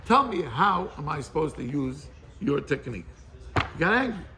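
A man leads an informal Torah class, quizzing his listeners and dropping Hebrew and Yiddish terms into his English. His voice is high for a man and gravelly. Faint noise sits behind him. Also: normal speed. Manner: animated, questioning the group, mixes in Hebrew and Yiddish terms.

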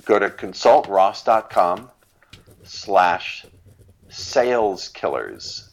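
A middle-aged man, a business consultant, giving an expressive interview as a guest, laughing often and spelling out names and words. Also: fairly low pitch, extremely slow, highs cut off. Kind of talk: interview conversation.

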